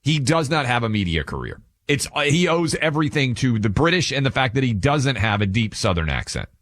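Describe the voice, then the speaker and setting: A man's voice: mid-range voice, big pitch swings, brisk, fairly bright tone, no room sound. A man from Tennessee co-hosting a radio talk show, emphatic and opinionated, often repeating phrases. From Tennessee, USA. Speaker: radio co-host. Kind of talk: casual radio banter. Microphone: studio microphone.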